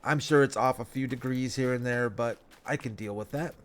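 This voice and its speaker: Man, stuffy nose, rambling game commentary, mid-pitched, light background hiss. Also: moderate pace. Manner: relaxed, rambling, self-talk with folksy phrases. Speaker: let's play host. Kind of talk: casual gameplay commentary.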